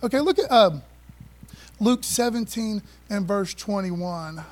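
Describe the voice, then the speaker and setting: A man preaching a sermon to his church, animated and repeating phrases, calling on the congregation to answer back. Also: sits high, slow pace, poor audio. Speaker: pastor.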